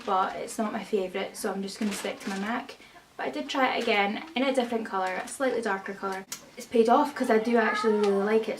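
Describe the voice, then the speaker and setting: A young woman talks through a shopping haul in a loose, chatty way, drifting into opinions. Her voice sits back from the mic. A steady background noise runs under her. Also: mid-range voice. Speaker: vlogger. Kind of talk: casual haul chat. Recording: distant mic, noisy room.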